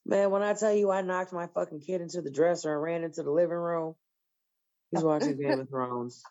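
A woman with a low voice tells stories in a casual group chat. She is blunt and heavy on profanity, and her voice jumps up when she acts out scenes. The sound is slightly dull and lo-fi. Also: fairly quick. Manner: blunt, profane, animated storyteller.

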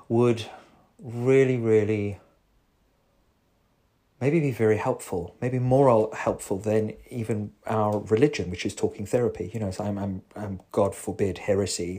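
A man's voice: mid-range voice, a little mellow. A man, a psychotherapist talking in a rambling, wry voice-note monologue. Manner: rambling, self-interrupting, wry.

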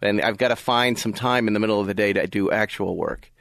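A man's voice: lowish voice, gravelly, a bit bright, no echo. Upbeat man hosting a car radio show. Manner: upbeat, laughs often, quick asides. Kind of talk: casual chat and read ad.

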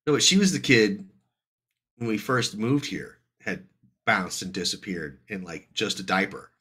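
A man's voice: on the low side, a little slow, slightly rough. A man casually telling a family story on a podcast, acting out the voices. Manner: animated, acts out every voice.

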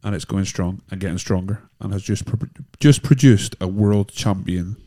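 Mellow-voiced man, chatty co-host from Northern Ireland. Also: low voice, moderate pace. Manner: joking, chatty, rambling. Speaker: podcast co-host. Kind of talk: casual chat.

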